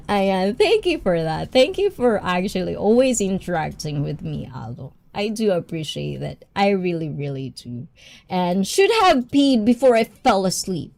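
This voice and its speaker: A woman's voice: medium pitch, sing-song, a little slow, vocal fry, a little mellow. A woman hosting a casual livestream, a personal trainer who chats with viewers by name and laughs often.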